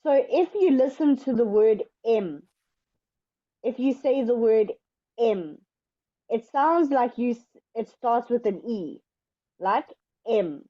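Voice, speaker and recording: A woman teaching English in an online lesson, explaining step by step in a patient, slow way. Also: a little high, lively intonation, lo-fi sound.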